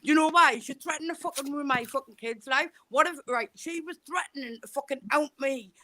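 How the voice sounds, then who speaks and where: A woman's voice: sits high, fairly quick, sharp tone. A woman on a live video call, ranting furiously with constant swearing and threats. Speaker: guest on a live chat stream. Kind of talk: heated live chat.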